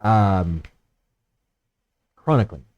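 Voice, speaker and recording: A man's voice: on the low side, lively intonation, extremely slow, a little mellow. A man playing in a tabletop game, making dry, wry asides. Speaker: player. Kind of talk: tabletop role-play chat. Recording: slightly dull lo-fi audio.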